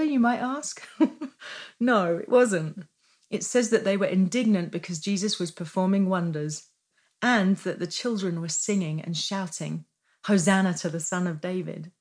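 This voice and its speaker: Devotional teacher: woman, middle-aged, slightly low voice, lively and prone to laughter, fervent in worship. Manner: animated, laughs often, breaks into fervent worship. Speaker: Christian teacher sharing a devotional.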